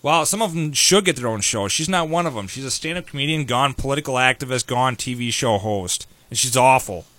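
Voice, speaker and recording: A man hosting a talk radio show, brash and sarcastic in quick banter with his co-host. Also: medium pitch, lively intonation, fairly bright tone, dry recording. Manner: brash, sarcastic, rapid-fire. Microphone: studio microphone.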